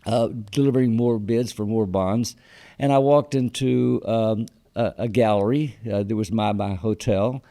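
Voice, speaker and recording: Gravelly man telling stories. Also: mid-range voice, mellow. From Texas. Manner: rambling anecdotes with fillers, quoting others. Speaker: guest. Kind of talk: storytelling interview.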